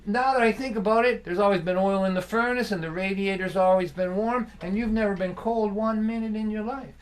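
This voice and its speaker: A man's voice: high voice, a little fast, pitched above the performer's own voice, lightly acted. A man doing a sarcastic, stern working-class father. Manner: dry, sarcastic, pointed questions.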